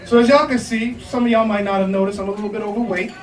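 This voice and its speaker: A man's voice: high-pitched, steady tone, fast. A young man doing a loose, profane stand-up set, laughing at his own jokes. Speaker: stand-up comedian. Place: comedy club stage. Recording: echoey club room from a distance, audience noise. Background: crowd laughter and reactions.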